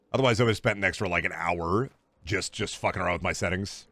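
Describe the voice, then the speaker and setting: A man streaming a game, chatting casually with viewers in animated, profane bursts. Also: deep voice, fast talker, dry recording. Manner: animated, swearing, mock-scolding outbursts. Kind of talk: casual gameplay commentary.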